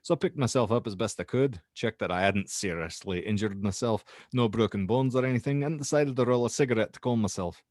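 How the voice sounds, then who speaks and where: A young Scottish university student recounts a strange night, halting and restarting as he goes, with a man putting on the accent. The voice sits a little low. The sound is dry and close. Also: darkish tone, no echo, natural voice. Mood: uneasy recounting. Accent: put-on Scottish. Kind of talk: dramatic reading of a horror statement.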